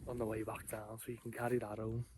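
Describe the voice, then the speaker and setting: A man's voice: on the low side, monotone, quick pace, noisy background. A man, chatting casually and rambling a little to camera at a mountain camp in the morning. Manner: chatty, rambling, self-deprecating. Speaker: camping vlogger. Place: outdoors on a mountain campsite.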